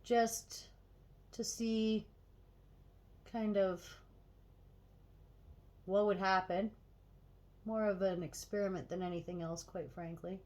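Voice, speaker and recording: A woman chatting casually to viewers as she gets ready, swearing freely and getting animated when annoyed. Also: medium pitch. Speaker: tarot reader and channel host. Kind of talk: casual get-ready-with-me chat.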